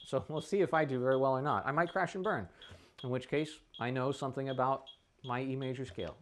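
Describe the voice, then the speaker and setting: A man in a practice room, explaining a trumpet warm-up in a relaxed, unscripted way, with his voice sitting in an ordinary middle pitch. He thinks aloud as he goes, with fillers and an occasional cleared throat. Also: brisk, a little hiss or hum. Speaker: trumpet teacher. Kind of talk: casual instructional talk.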